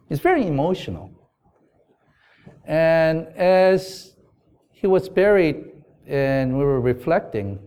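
A man's voice: medium pitch, mellow. A man giving a sermon as a pastor, telling a family story and reading scripture aloud in an earnest, conversational way. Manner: earnest, conversational preaching with asides to the congregation.

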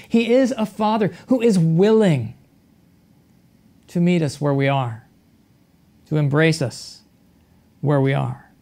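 A pastor preaching a sermon in a measured way, with rhetorical questions and repeated phrases. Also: mid-range voice, dark tone.

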